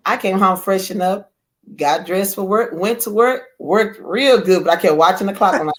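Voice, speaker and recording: A woman guest telling a lively personal story in casual chat, acting out quoted lines. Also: medium pitch, normal speed. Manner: animated, acts out quoted voices. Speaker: guest author.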